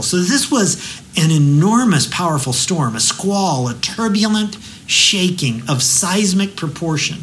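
A man's voice: on the high side, a little hiss or hum, poor audio. Man preaching a vivid devotional sermon. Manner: vivid storytelling, slowing to a hushed prayer. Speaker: pastor.

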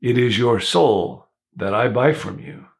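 A man's voice: medium pitch, measured pace, vocal fry. A man voicing a kindly, generous old bishop while reading a story aloud in a sermon. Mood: solemn. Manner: warm, solemn storytelling read-aloud.

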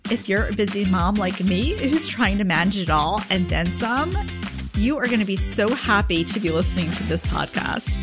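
Upbeat mom podcast host lady, gushing, talks right to you, soft music under her. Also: medium pitch. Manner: upbeat and effusive, talking straight to the listener. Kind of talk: solo podcast talk.

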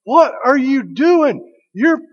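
A man's voice: sing-song, slow, exaggerated voice. A man voicing an indignant middle-aged Texan cartoon dad who gasps in scandal. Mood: scandalized. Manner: high, gasping and scandalized. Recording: dull audio with long hall reverb.

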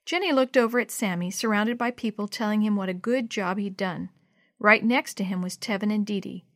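A woman narrating a children's storybook in a gentle, steady read-aloud manner. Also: mid-range voice, brisk, dry recording, clean studio sound.

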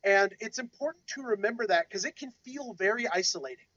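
An earnest podcast co-host talking through advice at a mid pitch. The sound is dull and lo-fi, with a dry close feel and no room around it. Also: expressive, a little fast, a bit bright, dry recording. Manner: earnest, advising. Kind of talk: casual discussion.

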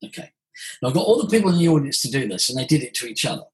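A man, a voice coach explaining ideas in an animated conversational way. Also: medium pitch, racing, rough recording. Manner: animated, demonstrates vocal sounds. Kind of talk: conversational teaching.

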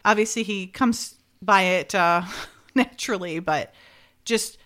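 A woman's voice: medium pitch, unhurried. Chatty woman recapping a show. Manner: animated retelling with laughs and acted-out quotes. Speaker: podcast co-host recapping a show. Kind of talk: casual chat.

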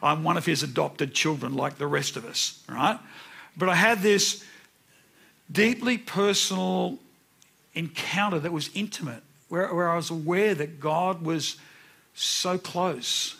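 A man's voice: fairly high pitch, measured pace, vocal fry, sharp tone, breathy edge. A man in his sixties preaching a sermon, telling personal stories earnestly and repeating words for emphasis. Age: 60s.

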